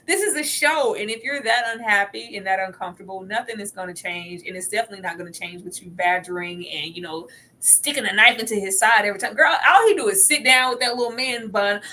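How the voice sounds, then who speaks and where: A woman on a casual reality TV recap panel, animated and laughing, acting out quotes. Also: fast talker, slight background noise. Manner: animated, laughing, acts out quotes in shrill voices. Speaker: podcast panelist.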